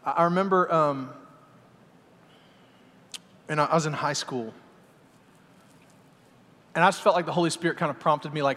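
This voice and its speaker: A middle-aged man preaching a lively sermon, moving between loud exhortation and quiet asides. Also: a little high, moderate pace, long pauses. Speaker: pastor. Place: large church sanctuary. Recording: hall reverb in a church.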